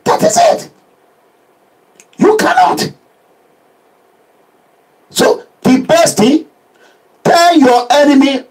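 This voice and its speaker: A man with a Nigerian accent giving an impassioned social media address as a political activist, animated and preachy, full of proverbs. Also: very high voice, very slow, pauses often, poor audio.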